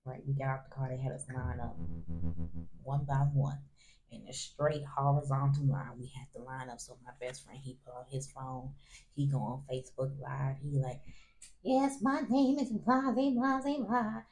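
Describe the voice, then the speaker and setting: A man hosting a vlog, telling a college story in a casual, animated way, often laughing and acting out what others said. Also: medium pitch, moderate pace, slight background noise. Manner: animated, acts out other people's lines in raised voices. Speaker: vlog host.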